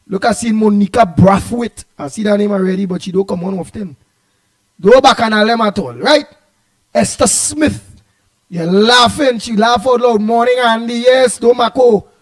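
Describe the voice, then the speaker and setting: A Trinidadian man hosts an online talk show on a live stream, speaking in a high, bright voice. He rambles, repeats himself and stumbles over words while teasing viewers in loose, playful banter.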